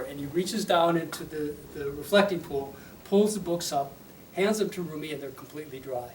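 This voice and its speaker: A man's voice: fairly high pitch, normal speed. A man, a religious teacher, telling a story in a conversational lecture with fillers and check-ins. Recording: roomy, distant mic, faint noise.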